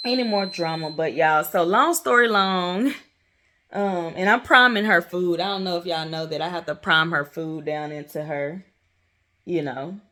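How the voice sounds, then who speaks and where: A woman's voice: on the low side, pushed and bright. A young woman talking candidly to her viewers in a casual vlog, rambling and close to tears, often calling them "y'all". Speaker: vlogger.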